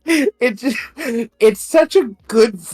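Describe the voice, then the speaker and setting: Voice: medium pitch, slow pace, a little mellow, faint music behind. A podcast co-host in a casual chat who talks loosely, swears freely and keeps laughing between words. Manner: giggly, loose and profane, laughs through sentences.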